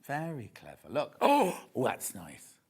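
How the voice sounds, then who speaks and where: His voice is mid-pitched, husky and somewhat dark, with wild swoops in pitch at a measured pace. In a TV studio, this shopping channel presenter chats and gossips eagerly as he displays fabrics during a live sales broadcast.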